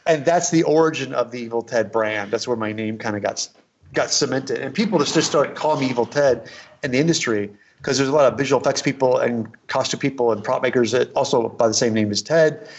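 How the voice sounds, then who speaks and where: A man's voice: mid-range voice, fast talker. A middle-aged man tells a story in a loose, rambling way, often doubling back and quoting what others said. The recording sounds slightly muffled and lo-fi. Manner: rambling, anecdotal, frequent restarts and quoted dialogue. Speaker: guest, costume and prop maker. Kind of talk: casual interview storytelling.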